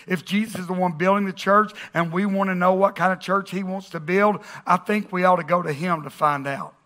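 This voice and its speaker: High, bright-voiced pastor preaching. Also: male voice. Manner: conversational preaching with jokes and audience call-outs. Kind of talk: sermon. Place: church auditorium with congregation.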